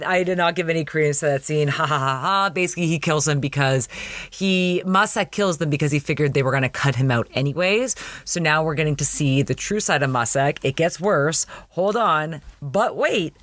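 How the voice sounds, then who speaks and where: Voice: medium pitch, fairly bright tone, no room sound. Podcast host for a TV recap show; loose, chatty, incredulous, dry close sound. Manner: chatty, laughing, incredulous asides. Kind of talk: casual episode recap.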